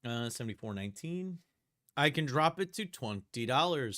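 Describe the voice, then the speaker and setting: With a mid-range voice at normal speed, a man hosts a coin auction on a live stream. He talks through the banknotes and coins and calls out bids in an even, conversational chant.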